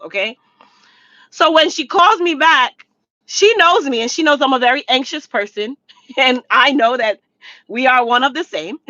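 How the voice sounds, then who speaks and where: This storytime vlogger has a high voice with a sharp tone. She shares a personal story casually, addressing viewers directly and repeating points to stress them, in lo-fi audio without room sound.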